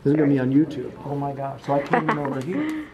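A man teaching a music class, brisk and upbeat as he directs the students. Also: medium pitch, very animated, distant mic, muffled recording, noisy background. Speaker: music education professor. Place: large echoey classroom. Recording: roomy classroom audio from afar.

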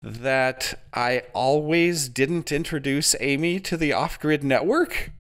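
A man's voice: mid-range voice, slow, a bit bright, pitched above the performer's own voice. A man voicing a flustered young man who stammers through an interrogation in an audiobook. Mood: confused. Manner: stammering, confused.

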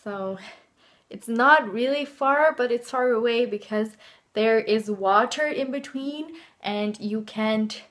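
A woman's voice: a little high, slow pace, fairly bright tone. A young Dutch woman talks to her handheld camera from her bedroom, with a Dutch accent in her English. She rambles from one thing to the next, filling the gaps with ums and little laughs. It sounds like easygoing, unscripted vlog chat. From Netherlands. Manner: rambling and chatty, laughs often, many fillers. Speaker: vlogger.

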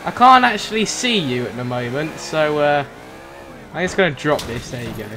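A man giving playful, jokey commentary over a game, excitable and breaking into shouts. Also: a little high, normal speed, a little hiss or hum. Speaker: gaming commentator. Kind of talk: playful let's-play commentary. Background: game music.

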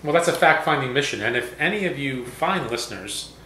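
Male co-host, casual tasting banter, reads labels haltingly, roomy echo, faint hiss. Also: mid-range voice, animated, bright, forceful tone. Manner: jokey, halting, reads aloud slowly. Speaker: whiskey review co-host. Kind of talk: casual tasting chat, reading product notes. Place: home room.

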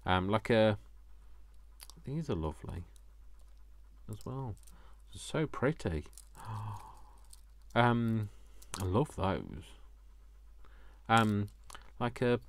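A man's voice: lowish voice, expressive, very slow, pauses often. A man chatting casually as he unboxes craft gifts, gushing, gasping and talking to himself. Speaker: craft vlogger.

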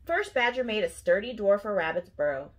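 A middle-aged woman, a school principal, reading a picture book aloud to children with expressive storytelling. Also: mid-range voice, a little fast.

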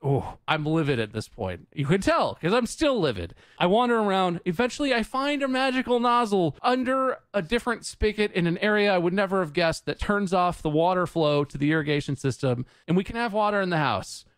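Man, slightly high voice, animated exasperated storytelling, dry close mic. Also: brisk, hardly any pauses, no room sound. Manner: animated, exasperated, swears freely, acts out quoted people. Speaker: podcast co-host. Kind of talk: casual storytelling.

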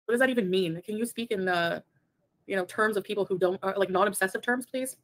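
A woman's voice: medium pitch, quick pace. A woman co-hosting a casual livestream, reading chat messages with sarcastic remarks and frequent laughter. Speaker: livestream co-host.

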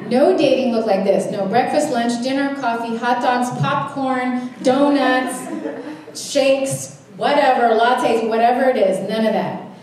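Brief: young woman conference speaker, humorous testimony, warm higher voice, big echoey hall, distant mic. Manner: humorous, animated storytelling, acting out her own quotes. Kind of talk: sermon-style testimony.

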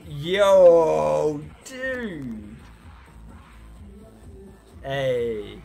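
A man's voice: on the high side, sing-song, measured pace, soft background music. A young man hosting a reaction video, talking casually and breaking into hyped exclamations. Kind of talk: excited reaction commentary.

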